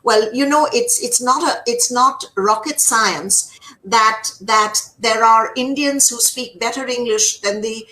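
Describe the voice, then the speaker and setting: A woman's voice: fairly high pitch, a little slow, pushed and bright, rough recording. A middle-aged woman who works as a communication trainer, speaking emphatically in an interview and repeating her words. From United States. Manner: emphatic, repeats words, acts out quoted speech. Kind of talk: conversational interview.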